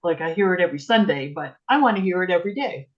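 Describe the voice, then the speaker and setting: A woman on a video call, chatting casually and telling animated stories, acting out what people said. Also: fairly low pitch, quick pace. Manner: chatty, animated storytelling, acts out quotes. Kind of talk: casual chat. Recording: muffled video-call audio.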